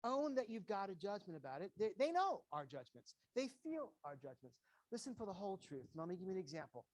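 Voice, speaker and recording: In a high, brisk voice that swings widely in pitch, a man lectures parents with slides as a visiting educator. He's earnest and forceful, repeating his main phrases and performing short quoted conversations to motivate them.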